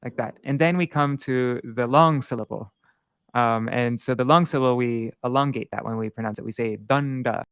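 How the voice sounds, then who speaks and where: A man giving an informal screen-share lesson on Sanskrit verse, halting with many fillers and self-corrections. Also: medium pitch, clear, resonant tone, no echo. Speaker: Sanskrit teacher.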